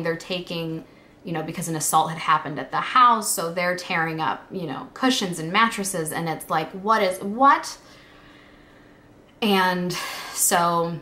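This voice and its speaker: A young woman vlogger telling a personal story in a halting, emotional way, with many fillers. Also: on the low side, bright, forceful tone.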